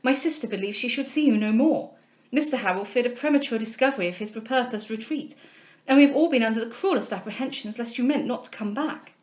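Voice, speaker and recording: A woman voicing an ardent, pleading young gentleman. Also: fairly high pitch, brisk, natural voice. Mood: anxious. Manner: pleading, earnest, emotional. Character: ardent, humble young gentleman suitor, anxious. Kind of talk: audiobook character reading.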